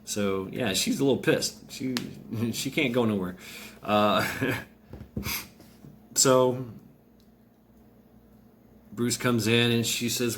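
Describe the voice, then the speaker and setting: Man, casual storyteller, rambling, fillers, very slow pace, faint background noise. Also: mid-range voice, a bit bright. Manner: rambling, many fillers and restarts.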